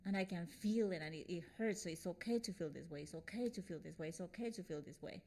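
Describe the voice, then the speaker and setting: Soft-spoken reflective woman host. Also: on the low side, fast. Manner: reflective, repeating phrases softly. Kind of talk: casual conversation.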